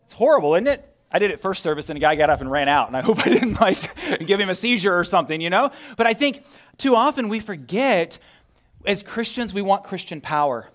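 A male pastor with a somewhat high voice preaches a sermon in a church. He talks in a conversational way, firing rhetorical questions at the congregation and dropping from loud emphasis to a hushed near-whisper. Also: expressive, a little fast. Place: church sanctuary.

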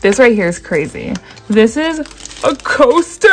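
Talking straight to her viewers, a woman gushes and exclaims over a craft unboxing at a table indoors. She has a fairly high voice with lively intonation and a normal speed. Faint music plays behind her, along with the crinkle of packaging, in this excited unboxing chat.

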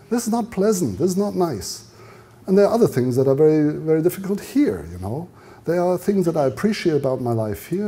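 Older German-accented male lecturer, deep mellow tone, husky, loose anecdotal delivery. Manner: rambling, storytelling, with frequent fillers and restarts. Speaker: design lecturer.

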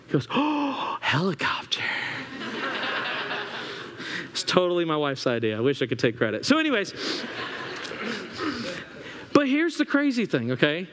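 A man who is an assistant pastor, preaching a sermon with animated, humorous storytelling on a church stage. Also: a little high, brisk, long pauses, background noise. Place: church sanctuary. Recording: long hall reverb in church.

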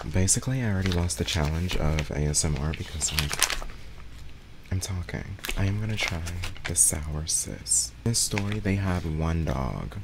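A man's voice: sits low, moderate pace, heavy background noise. A young man telling a story casually while eating, talking with his mouth full and chewing between phrases. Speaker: ASMR eating channel host.

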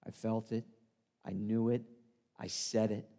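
A man's voice: lowish voice, little pitch movement, measured pace, warm tone, lightly acted. A man performing a first-person monologue as the disciple Peter, an impulsive, earnest fisherman, telling his story in a conversational, self-deprecating way in a church sanctuary. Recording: long reverb of a church hall.

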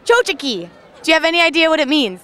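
A woman's voice: high-pitched, sing-song, fast, sharp tone, some chatter behind. A woman hosting a playful street interview, teasing passers-by with a word quiz. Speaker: host. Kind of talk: street vox-pop interviewing.

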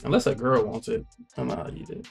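A man's voice: mid-range voice, very animated, a little fast, gravelly, soft background music. Laid-back rambling man chatting. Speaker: co-host of a reaction show. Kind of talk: casual chat.

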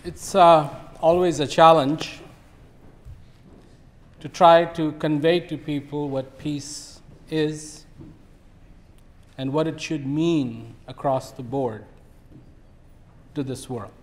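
Man, fifties, guest speaker, relaxed storyteller, slightly high voice. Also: slow, pauses often. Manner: relaxed storyteller, acts out animals. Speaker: invited speaker. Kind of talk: speech with storytelling.

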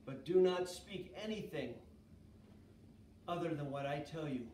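A man's voice: fairly high pitch, a little slow, darkish tone, a little hiss or hum, voice pushed down, lightly acted. A man voicing God giving a firm command in a kids' Bible story. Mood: solemn. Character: solemn commanding male deity. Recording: echoey room, far from mic.

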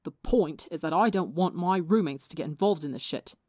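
A woman's voice: lowish voice, fairly quick, a little mellow, no echo, clean studio sound, natural voice. A woman voicing a hot-tempered, tired young man who talks in a snappish, profane way. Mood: angry.

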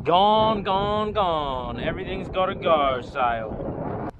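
An Australian man on a small boat at sea, giving excitable running commentary while fishing, swearing, laughing and talking to the fish. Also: on the high side, takes it slowly, pauses often, highs cut off, heavy background noise. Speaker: fishing vlogger.

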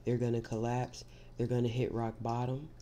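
A woman's voice: rumbling low, flat delivery, moderate pace, dark tone, a little hiss or hum. Woman giving an emphatic tarot reading. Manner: emphatic, repeats "see" to drive points home; reassuring, direct address to the listener. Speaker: tarot reader.

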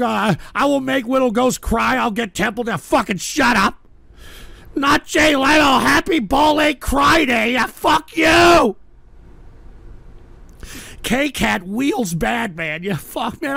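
A man hosting a live call-in stream, ranting and shouting with profanity, choked up and tearful. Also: very high-pitched, vocal fry, no room sound. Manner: shouting, profane, whiny and fed up.

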